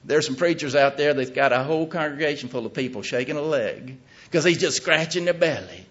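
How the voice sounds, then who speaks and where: A middle-aged man preaching a sermon in a folksy, emphatic way, with his voice rising to loud peaks. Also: on the high side, a little fast. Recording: muffled lo-fi recording.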